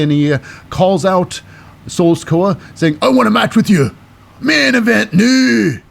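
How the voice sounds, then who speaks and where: A man's voice: medium pitch, darkish tone, a little hiss or hum. A man hosting a casual wrestling recap podcast with a cynical, wry manner and many fillers. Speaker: podcast host.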